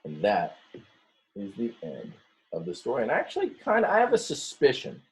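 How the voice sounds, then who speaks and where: A man's voice: medium pitch, huge pitch swings, a little fast, husky. A male teacher reading a picture book aloud to his students, stretching words, acting out the story voices and stopping often to explain details to the class.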